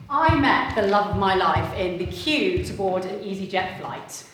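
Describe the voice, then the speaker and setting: A woman's voice: mid-range voice, slight background noise. Young woman telling a story, echoey and distant. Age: young adult. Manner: animated, laughing storyteller. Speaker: acting graduate. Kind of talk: theatrical comic monologue. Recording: echoey room from far off.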